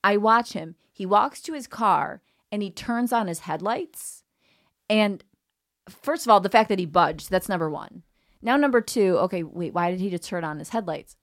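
A woman comedian telling a story on a podcast in a lively, profane way, acting out the people in it. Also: mid-range voice, moderate pace. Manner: animated storyteller who swears freely and acts out quoted people. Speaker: guest comedian.

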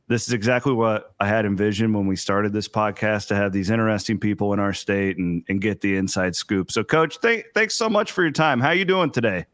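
A man's voice: fairly low pitch, brisk, hardly any pauses, a bit bright, no room sound. A middle-aged man hosting a podcast interview, asking questions in an eager, upbeat way. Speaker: podcast host. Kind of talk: casual interview chat.

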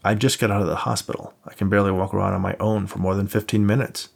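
A man's voice: on the low side, little pitch movement, fast, creaky, husky. A man voicing a tired, injured man in an audiobook, talking in a dry, sarcastic way. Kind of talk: audiobook character voice.

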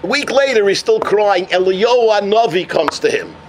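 A man teaching a Torah class as a lively storyteller who mixes in Yiddish and Hebrew terms. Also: sits high, moderate pace, background noise.

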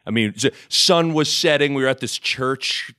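Male podcast host, animated storyteller, laughs easily, dry close mic. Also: mid-range voice, normal speed, clear, resonant tone, no echo. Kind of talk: casual podcast chat, storytelling.

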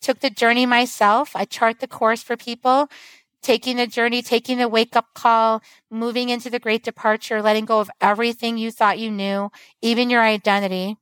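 A woman with a slightly high voice speaks earnestly in a flowing, teacherly way on a podcast. The sound is dry and close, with no room around it. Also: level tone, moderate pace, fairly bright tone, smooth, dry recording, rough recording. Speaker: guest author and medicine woman. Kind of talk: casual podcast conversation.

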